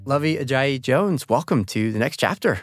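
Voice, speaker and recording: A man's voice: mid-range voice, lively intonation, normal speed, soft background music. A man hosting a radio interview show, asking questions in a friendly conversational way.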